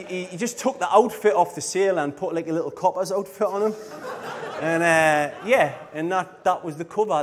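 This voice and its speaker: A middle-aged man, telling rambling anecdotes in a casual conference talk and often laughing. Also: on the high side. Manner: rambling, laughs often, fillers like "you know what I mean". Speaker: speaker at a design conference. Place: live talk on a stage.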